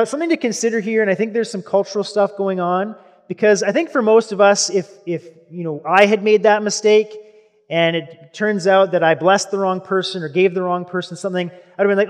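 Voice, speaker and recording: A man with a noticeably high voice delivering a sermon, moving between scripture reading and easygoing explanation. His voice trails off into a long reverb, as if he is speaking in a large hall. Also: moderate pace. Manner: reads scripture aloud, then explains it in relaxed asides.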